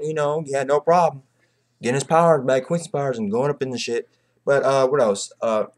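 A man rants in casual chat with a middling pitch, rambling and repeating himself. He swears freely and his voice jumps up sharply whenever he gets exasperated. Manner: rambling, profane, repeats phrases like "bro" and "you know what I'm saying"; animated, pitch jumps high when exasperated. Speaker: manga commentator.

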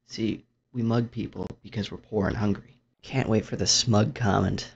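A man's voice: steady tone, normal speed, a little hiss or hum. Young guy rambling over his game, dry self-mocking jokes, dull lo-fi mic. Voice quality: low gravelly voice. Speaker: gaming YouTuber. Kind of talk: self-deprecating gameplay commentary.

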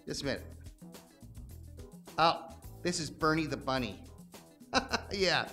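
Excitable male bunny puppet, played by a man, giggly, stammering, scatterbrained, lively swooping voice, bright tone. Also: a little high, slow pace, soft background music, exaggerated voice. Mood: excited. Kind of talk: live puppet show for children.

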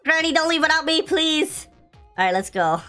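A woman hosting a gameplay video, excitable and playful, laughing often as she comments. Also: high voice, moderate pace, faint music behind. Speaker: gaming video host.

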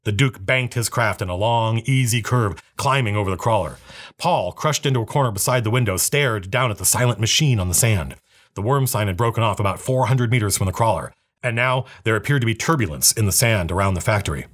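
Husky low-voiced man reading aloud. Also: fairly quick. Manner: steady, even storytelling. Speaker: narrator reading a novel.

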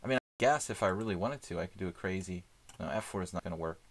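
Low-voiced man musing over chess moves. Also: animated, fast, noisy background. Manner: thinks aloud, musing with many fillers. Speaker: chess streamer. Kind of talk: casual live commentary while playing.

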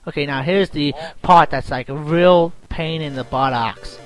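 A man's voice: fairly high pitch, unhurried, hardly any pauses. A young man giving casual, self-mocking commentary while playing a game, yelping and groaning at it. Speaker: let's play gamer. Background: game music.

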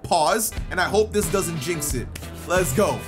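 A man with a high, bouncy voice calls out his basketball video game play, his pitch leaping around as he yells, groans and hypes himself up. Game music plays steadily underneath him. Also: measured pace. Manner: excitable, shouts and groans at the game. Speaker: gaming YouTuber. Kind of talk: excited gameplay commentary. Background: game music and sounds.

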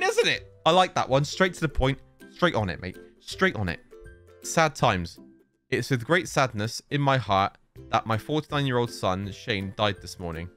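A young man casually reacting to screenshots, animated and mock-outraged, with frequent exclamations and mild swearing. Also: medium pitch. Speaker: YouTube reaction host.

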